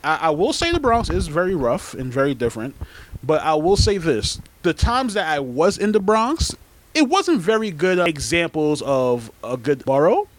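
A man's voice: on the high side, big pitch swings, moderate pace. A man co-hosting a casual podcast chat, bantering in a joking, emphatic way. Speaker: podcast co-host.

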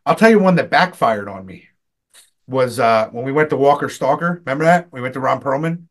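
A man co-hosting a podcast, telling convention stories in a loose, animated way, swearing and jumping up loud when he quotes himself. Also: mid-range voice, fairly quick. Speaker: podcast co-host. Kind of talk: casual storytelling chat.

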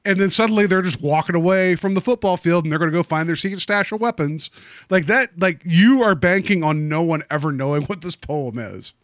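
A man's voice: high-pitched, brisk, fairly bright tone, no echo, studio quality. A man casually discussing a movie on a podcast, joking and rambling with lots of fillers. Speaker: podcast co-host.

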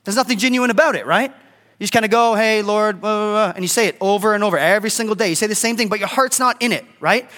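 A man's voice: high voice, racing, sharp tone, big-room sound. A middle-aged man preaching a casual, conversational sermon as a pastor, often checking in with "right?". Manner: conversational, keeps asking "right?".

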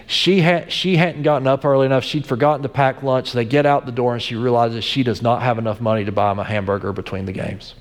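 Pastor preaching in a reverberant hall. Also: male voice, mid-range voice, fairly even intonation, fast, hardly any pauses. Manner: conversational storytelling with frequent restarts. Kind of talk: sermon.

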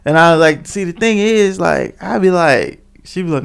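A man's voice: a little high, moderate pace, gravelly. A man co-hosting a casual podcast, talking in a blunt, joking, profane way. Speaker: podcast co-host.

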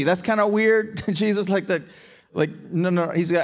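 High-voiced preacher, earnest and emphatic. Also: male voice, moderate pace. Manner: earnest, repeats words and restarts often, builds to emphatic rhetorical questions. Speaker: pastor. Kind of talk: sermon.

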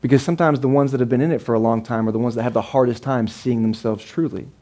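A man's voice: mid-range voice, fairly even intonation, fast, dark tone. Conversational pastor, man. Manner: conversational, repeats words, keeps checking in with the congregation. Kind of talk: sermon. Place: church service with a live congregation.

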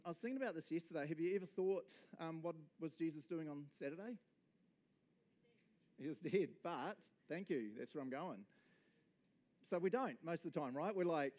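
A man with a New Zealand accent, a pastor giving a casual, jokey sermon full of asides to the congregation. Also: on the high side. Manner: jokey, energetic, chatty with frequent asides to the congregation. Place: church service.

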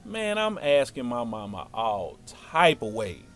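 A man telling a story from his childhood in a casual, slangy, animated way. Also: mid-range voice, a little slow, a little hiss or hum.

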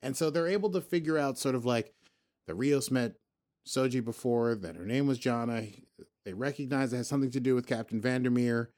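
A man's voice: mid-range voice, fairly quick, darkish tone. Rambling male podcast host. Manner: rambling, self-correcting, joking. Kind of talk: casual episode recap.

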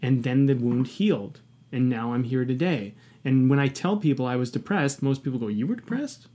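A man's voice: medium pitch, moderate pace, dark tone. A man talking candidly in a podcast conversation, passionate and emphatic, swearing often and reflecting earnestly on his own past.

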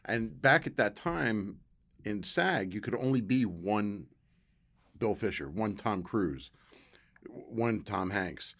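A middle-aged man, a podcast guest telling stories in a casual, animated way and acting out the voices of the people in them. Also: fairly low pitch, takes it slowly. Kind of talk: casual storytelling.

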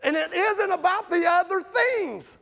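A man preaching a sermon with passion, swinging between loud outbursts and hushed storytelling. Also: extremely high pitch, measured pace, creaky.

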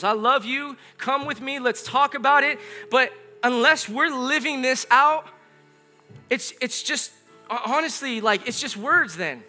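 A man's voice: very high-pitched, pushed and bright. A middle-aged male pastor giving an earnest, conversational sermon, often repeating his phrases.

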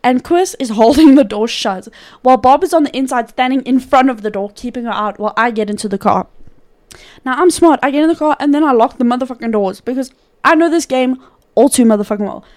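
High-pitched woman podcaster, swears a ton, laughs while telling the story. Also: fast talker. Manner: profane, animated, laughs often. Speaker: podcast co-host. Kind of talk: casual storytelling.

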